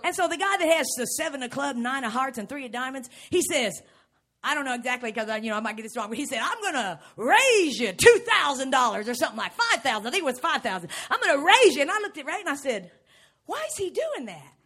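A woman preaching a lively sermon to a congregation, often shouting and acting out little scenes. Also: sits high, quick pace. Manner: animated, shouting, acts out scenes. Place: church before a live congregation.

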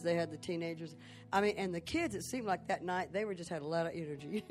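Woman preacher rambling through a story, doing the voices of folks she quotes. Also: mid-range voice. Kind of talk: storytelling in a sermon.

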